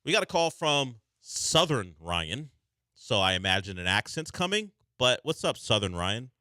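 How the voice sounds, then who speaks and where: A man hosting sports talk radio, wry and animated, teasing his callers. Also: medium pitch, normal speed, no echo, studio quality.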